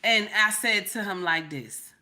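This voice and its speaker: A woman's voice: mid-range voice, measured pace, bright, forceful tone. A woman, telling a personal story to viewers in a sassy, emphatic way and often checking in with "okay?". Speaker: relationship commentator.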